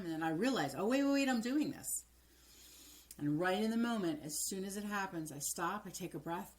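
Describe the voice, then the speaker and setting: A middle-aged woman, a transformational coach, giving calm step-by-step guidance and dropping to soft near-whispers when voicing affirmations. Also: fairly low pitch, vocal fry. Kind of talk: coaching video monologue.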